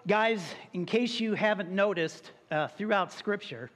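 Pastor, male, higher voice, casual preaching style, ringing church hall. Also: a little slow, fairly bright tone. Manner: prays then tells a joke, conversational preaching. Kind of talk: sermon. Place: church sanctuary. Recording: long hall reverb.

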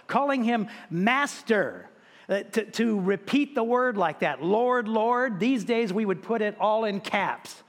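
A man with a high voice delivers a sermon in an emphatic, repetitive way. He lifts his voice when he reads scripture aloud. A long reverb trails behind him, as in a large hall. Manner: emphatic, repeats words, quotes scripture with a raised voice. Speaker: pastor.

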